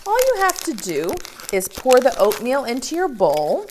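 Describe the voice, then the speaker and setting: A young woman, a preschool teacher, reading a story and talking gently to young children in a sing-song way. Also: fairly high pitch, huge pitch swings, normal speed, a little hiss or hum.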